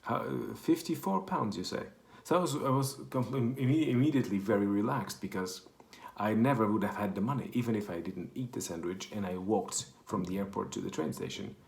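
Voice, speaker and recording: A man's voice: on the low side, brisk, gravelly, hardly any pauses, darkish tone. A man from Portugal with a Portuguese accent, telling a rambling, self-correcting story in casual chat. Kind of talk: casual anecdote. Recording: echoey room.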